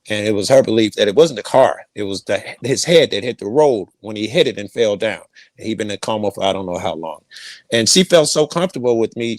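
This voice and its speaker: A man's voice: fairly low pitch, no room sound. A middle-aged man telling a rambling personal story, profane and repeating himself. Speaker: guest storyteller.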